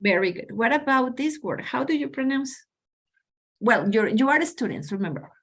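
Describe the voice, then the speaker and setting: A fairly high-pitched woman in her forties with a Mexican Spanish accent, coaching teachers on pronunciation. She talks with eager, coaxing energy, often calling her listeners "guys.". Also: animated, moderate pace, husky, rough recording. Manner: enthusiastic, coaxing, addresses audience as guys. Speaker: pronunciation trainer. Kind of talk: online teacher workshop.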